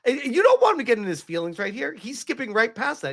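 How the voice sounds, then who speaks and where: A man's voice: very high voice, wildly swooping pitch, fast, creaky. Man, live-stream commentator, emotional, rambling, restarts sentences.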